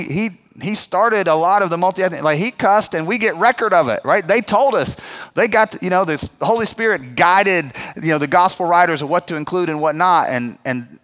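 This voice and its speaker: High-voiced man preaching. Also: fairly bright tone. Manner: conversational, emphatic preaching with acted-out quotes. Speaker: pastor. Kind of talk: sermon.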